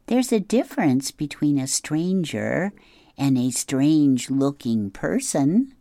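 A mother leans in and advises her son in a hushed voice, as a reader puts her on. The words come slowly and softly. The recording is dry and close. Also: medium pitch, very animated, no echo. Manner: hushed, confiding.

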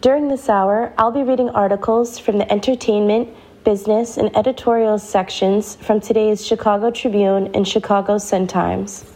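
A woman introduces her hour of reading on the radio in an announcing tone. Her voice has a mid pitch and a mellow, warm color. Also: fairly even intonation, normal speed, rough recording. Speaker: radio reader. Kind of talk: station introduction.

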